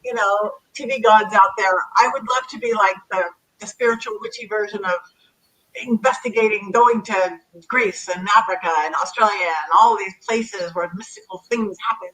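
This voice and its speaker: A woman being interviewed as a psychic medium, chatting in a lively, animated way over a video call. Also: mid-range voice, moderate pace, rough recording. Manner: chatty, animated, acts out commands to spirits. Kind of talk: casual interview chat.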